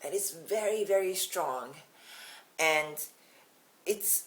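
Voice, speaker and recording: A woman's voice: sits low, lively intonation, takes it slowly, pauses often, low-quality recording. A Japanese woman with a Japanese accent, teaching a casual video lesson in a chatty, giggly way. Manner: chatty, giggly, self-deprecating. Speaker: language teacher.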